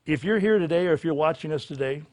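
Male pastor, fairly high voice, fervent repetitive preaching, church altar call. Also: fast, darkish tone. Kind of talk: altar call and sinner's prayer. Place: church service.

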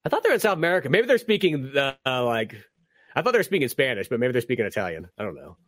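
A man's voice: medium pitch, quick pace, no echo, studio quality. A man hosting a casual podcast chat, rambling and swearing heavily. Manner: rambling, heavy swearing, animated. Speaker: podcast host.

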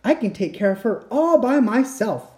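A woman voicing an excitable, boastful young boy frog in a storybook read-aloud, with high, bouncy exclamations. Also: moderate pace. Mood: eager.

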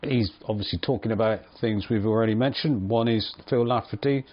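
A man's voice: on the low side, brisk. Guy hosting a podcast, laid back, kinda muffled sound. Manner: relaxed, hesitant fillers, light jokes. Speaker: podcast host. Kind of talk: casual chat and introductions. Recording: slightly dull lo-fi sound.

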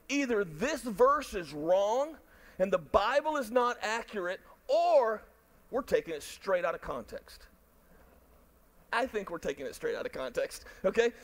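High-voiced, animated preaching man. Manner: animated, jokey, talks to the crowd and online viewers. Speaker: pastor. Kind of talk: sermon.

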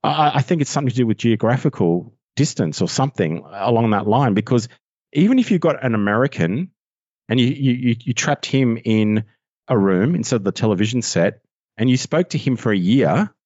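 A man with an Australian accent, a voiceover artist chatting as a podcast guest, excitable and rambling, often laughing at himself. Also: mid-range voice, a little fast, breathy edge, no echo, muffled recording. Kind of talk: casual podcast chat.

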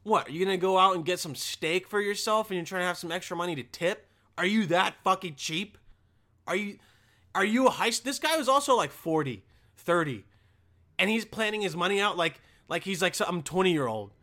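A man's voice: high-pitched, sharp tone. A young man who works a motel front desk, telling a rambling, sarcastic work story full of swearing. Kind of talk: casual profane storytelling rant.

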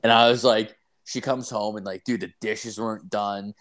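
A man's voice: lowish voice, steady tone, moderate pace, a bit bright. A young man telling a crude story in casual chat, swearing constantly and rambling as he acts out what people said. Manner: profane, rambling, acts out quotes.

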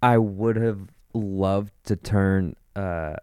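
Animated low-voiced man telling a story. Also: drawn-out words, clear, resonant tone, no room sound, studio quality. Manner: animated, swearing, quoting others. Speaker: podcast co-host. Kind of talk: casual storytelling chat.

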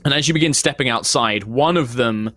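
A man's voice: medium pitch, fairly quick, fairly bright tone, no echo. A man narrating a tabletop game as game master, describing scenes with frequent fillers.

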